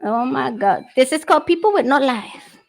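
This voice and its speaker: A woman's voice: high-pitched, lively intonation, moderate pace, gravelly, faint music behind, rough recording. A middle-aged woman hosting a livestream, talking casually with brash, profane humor and frequent laughter. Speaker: livestream host. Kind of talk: casual chat. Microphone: streaming setup.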